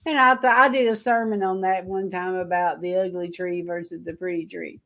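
A woman's voice: fairly low pitch, fairly even intonation, normal speed. A woman preacher giving an informal sermon to an online audience, telling a rambling story in an earnest way.

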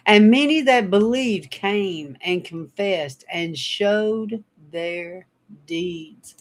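A woman's voice: medium pitch, drawn-out words. A woman teaching a livestream Bible study, reading scripture and retelling stories in a chatty way with frequent laughter. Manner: chatty, laughs often while telling stories.

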